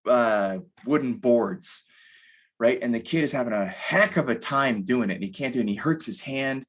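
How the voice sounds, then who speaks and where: A man's voice: medium pitch, moderate pace. A man in his thirties, a podcast guest talking candidly in a rambling way, full of fillers. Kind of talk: casual conversation.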